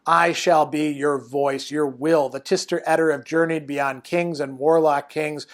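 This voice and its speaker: Young arrogant warrior read aloud by a man; declamatory, slightly high. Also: steady tone, a little slow, natural voice. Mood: grandiose.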